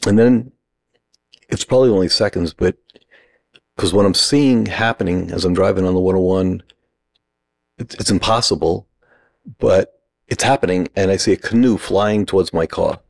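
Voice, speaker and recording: A middle-aged man, an acting teacher, telling an animated story on a podcast and acting out the other people's voices. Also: deep voice, normal speed, creaky, pauses often, no echo. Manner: animated anecdote, acts out quoted voices.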